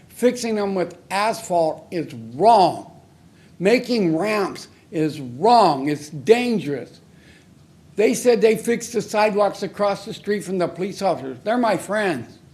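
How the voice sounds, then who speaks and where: Angry guy at the city council podium mic, high voice, blunt and repeating himself. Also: darkish tone. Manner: angry, accusing, confrontational. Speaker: member of the public giving comment. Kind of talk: public comment at a council meeting.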